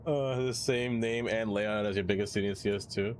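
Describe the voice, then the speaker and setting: A man streaming live, chatting casually and playfully as he plays and reacts out loud. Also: lowish voice, fairly even intonation, fairly quick, slight background noise. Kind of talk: casual live-stream chat while playing.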